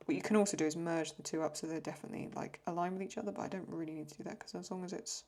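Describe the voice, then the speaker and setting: This host, a young woman from England, speaks rapid-fire in a fairly low, fairly even, slightly mellow voice. Her talk is chatty, rambling self-talk as she draws and responds to questions from viewers.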